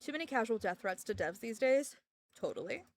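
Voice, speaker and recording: A woman's voice: on the high side, sing-song, brisk, no echo. A young woman streaming and chatting casually, ranting sarcastically and laughing often. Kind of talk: casual livestream chat.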